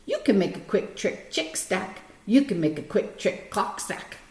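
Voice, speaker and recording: A woman's voice: medium pitch, very animated, unhurried. A woman reading the part of a playful male fox in a storybook, in a bouncy, teasing sing-song. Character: playful male fox showing off tongue twisters. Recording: roomy echo.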